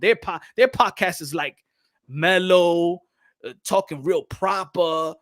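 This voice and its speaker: Animated high-voiced man on a podcast. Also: unhurried, gravelly. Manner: animated, repetitive, emphatic. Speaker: podcast co-host. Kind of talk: casual boxing podcast chat.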